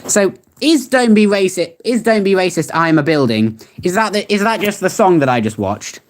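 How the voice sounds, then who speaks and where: Lively-pitched rambling young streamer. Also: normal speed. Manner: rambling, chatty, laughs at what is read. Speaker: streamer reacting to web searches. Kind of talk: casual chat.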